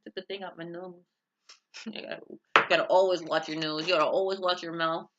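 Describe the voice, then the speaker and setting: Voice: medium pitch, flat delivery, fairly quick, heavy background noise. A vlogger from the United States talking in a casual, rambling monologue that drifts between tangents and breaks off mid-thought. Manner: rambling, tangential, self-interrupting. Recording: dull lo-fi recording.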